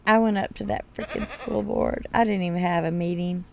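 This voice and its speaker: A woman in her thirties, a gaming streamer telling a story casually over gameplay, blunt and quick to swear. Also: fairly low pitch, steady tone, vocal fry, crowd noise.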